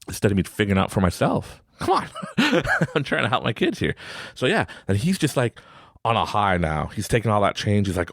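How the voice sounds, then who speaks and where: Deep-voiced, animated podcast host. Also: male voice, fairly quick, vocal fry, dry recording, clean studio sound. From Canada. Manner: animated, giggly, acts out his son in a high voice. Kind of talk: casual storytelling monologue.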